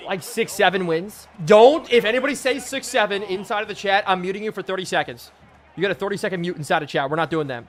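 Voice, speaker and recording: A hoarse man in his twenties from Pennsylvania, giving hyped live game-stream commentary and chatting with viewers. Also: high voice, fairly even intonation, fast, a bit bright. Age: 20s.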